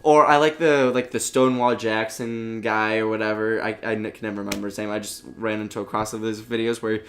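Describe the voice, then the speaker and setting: A man's voice: on the low side, steady tone, a little fast, a little hiss or hum. A young man co-hosting a casual gaming podcast, telling rambling stories full of restarts and acting out the voices he quotes. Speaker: podcast co-host.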